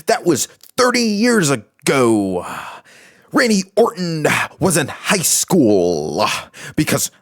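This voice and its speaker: A man doing an impression of a solemn, earnest male wrestler, with a slow and deliberate delivery, higher than his own voice. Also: huge pitch swings, full character voice.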